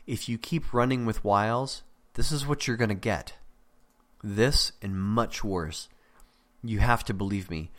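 A man voicing an injured, drugged young man who talks in a lazy, raspy, gravelly voice. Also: fairly low pitch, measured pace, fairly bright tone. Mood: urgent. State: in pain, doped on meds.

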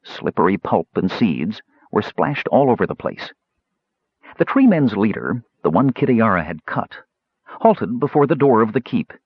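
A man reading fantasy fiction aloud as an audiobook narrator, steady storytelling with varied voices. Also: lowish voice, a little slow, slightly rough, no room sound, lo-fi sound. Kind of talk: scripted narration.

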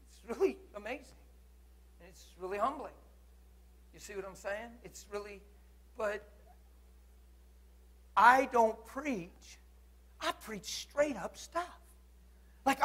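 A man's voice: very high voice, animated, takes it slowly, long pauses, breathy edge. A blunt, earnest preacher man. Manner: blunt, earnest and challenging, swinging between loud urging and quiet intensity. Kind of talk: sermon.

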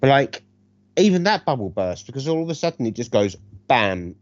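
A man co-hosting a film review chat, animated, sarcastic and freely profane. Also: mid-range voice, fast talker, dry recording, dull audio. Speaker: podcast co-host reviewing films.

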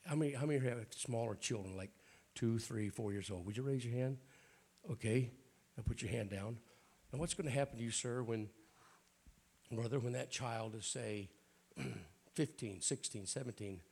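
In a church, a middle-aged man preaches an informal Pentecostal sermon at normal speed, his medium-pitched voice a little mellow yet hoarse and raspy. He keeps clearing his throat and cracks folksy jokes to the congregation.

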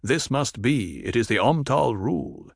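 A man voicing a grave, firm male tribal leader, speaking in a measured way. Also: mid-range voice, expressive, creaky, no room sound, clean studio sound. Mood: stern.

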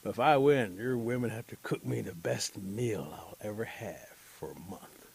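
A man's voice: lowish voice, animated, moderate pace, creaky, slight background noise. A man voicing a clever, boastful male rabbit trickster in a told folktale, asking eager, cheeky questions.

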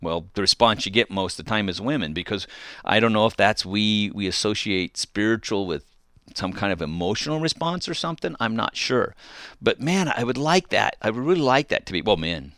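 A man's voice: on the low side, expressive, fairly quick, a bit bright, no echo, clean studio sound. A middle-aged man hosting a call-in radio show on faith, talking earnestly and exhorting listeners, often restarting his phrases.

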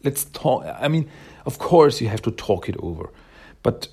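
A man's voice: medium pitch, very animated, unhurried, vocal fry, darkish tone, husky. A man recapping a comic book issue in casual speech, hesitant and emotional. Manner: hesitant, emotional, many fillers and restarts.

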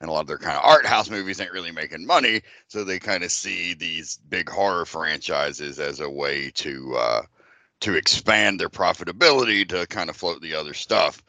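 A man's voice: low-pitched, moderate pace, pushed and bright, no room sound. A man hosting a podcast, chatting casually about a movie in a rambling way that swears and restarts often. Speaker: podcast host. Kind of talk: casual movie review chat.

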